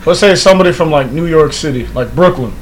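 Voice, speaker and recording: A man's voice: on the high side, fast, slight background noise, low-quality recording. A young man from Texas co-hosting a podcast, talking casually, swearing and acting out quoted voices. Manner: animated storyteller, acts out quotes, swears freely. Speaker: podcast co-host. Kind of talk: casual chat.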